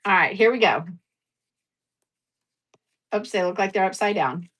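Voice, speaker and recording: A woman's voice: medium pitch, expressive, unhurried, fairly bright tone. A woman hosting a casual livestream sale, chatting in a rambling, giggly, self-deprecating way with lots of fillers. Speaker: livestream seller host.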